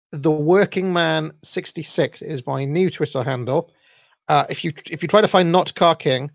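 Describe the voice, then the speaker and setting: A Welsh man talks through his own show in a loose, rambling way, stopping often on fillers. His voice sits fairly high with a gravelly edge. The recording is dry and a little dull. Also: no echo. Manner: rambling, filler-heavy, self-deprecating. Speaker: podcast host. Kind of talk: casual solo livestream talk.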